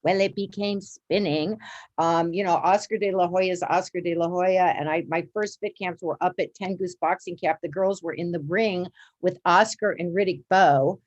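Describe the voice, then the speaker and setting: Low-voiced woman, animated storyteller. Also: moderate pace, muffled recording. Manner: lively, acts out quotes with big pitch jumps. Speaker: interview guest.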